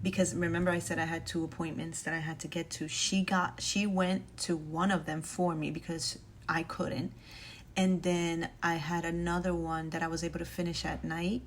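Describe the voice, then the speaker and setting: A woman's voice: lowish voice, flat delivery, moderate pace, a little hiss or hum. A woman, a single mom, telling an earnest and emotional faith testimony in a casual way, with many restarts.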